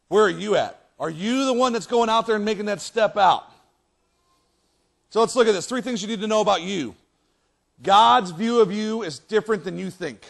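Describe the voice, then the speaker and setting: A man preaching a sermon as pastor in a church, reading scripture aloud and acting out lines with many restarts and animated emphasis. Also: high-pitched, normal speed, vocal fry. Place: church sanctuary.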